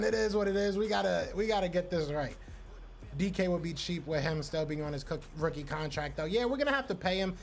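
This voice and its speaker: A man hosting a live podcast stream, casually reacting to chat and repeating himself. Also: high-pitched. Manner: loose, repetitive, talks to chat by name.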